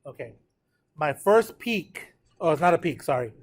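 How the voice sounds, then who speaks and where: A man's voice: on the high side, lively intonation, normal speed. A tired man teaching a math class, talking students through a graph and checking in with them often. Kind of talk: live classroom lecture at a whiteboard.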